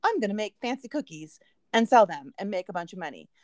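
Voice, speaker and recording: A woman's voice: mid-range voice, sing-song, fast, darkish tone, no echo, studio quality. A woman co-hosting a podcast, telling a long rambling story in casual chat. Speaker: podcast co-host.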